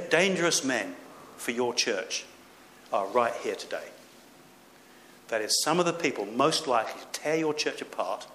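A man's voice: medium pitch, a bit bright. A man preaching a sermon as a pastor, earnest and emphatic, with rising exhortations. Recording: echoey room with faint background noise.

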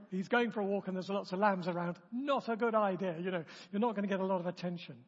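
A man with a husky voice leading a church training session in a chatty, self-interrupting way, acting out example remarks. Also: high-pitched, quick pace, hardly any pauses. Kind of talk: informal teaching talk. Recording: dull, long-reverb room recording.

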